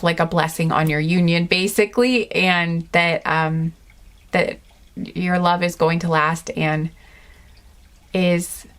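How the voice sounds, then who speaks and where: Slow, rambling woman giving a card reading. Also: lowish voice. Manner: rambling, many fillers and restarts; gentle, earnest and chatty. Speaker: tarot card reader. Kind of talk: intuitive pick-a-card reading.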